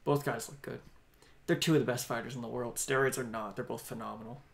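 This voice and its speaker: A man riffing through live fight commentary as a co-host, talking fast with a gravelly rasp. His delivery is joking and offhand, like he is chatting through a broadcast with a friend. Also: mid-range voice, steady tone, fairly bright tone.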